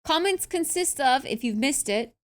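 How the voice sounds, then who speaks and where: A woman's voice: high voice, animated, normal speed. A young woman streaming, casually chatting to her viewers and breaking into giggles as she reads comments aloud. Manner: giggly, laughing fits while reading comments. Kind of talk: casual livestream chat.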